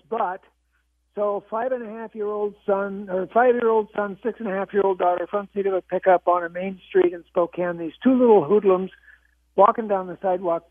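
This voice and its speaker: A man's voice: high-pitched, no echo. A man in his thirties calling in to a radio show with a laid-back, amused story. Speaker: caller. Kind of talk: phone-in storytelling. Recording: tinny phone line.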